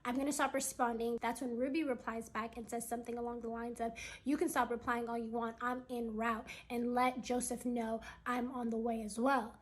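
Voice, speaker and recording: A woman's voice: fairly high pitch, little pitch movement, fairly quick, husky. A woman vlogger retelling someone else's family story in a chatty way, full of "like" fillers, acting out the quoted lines.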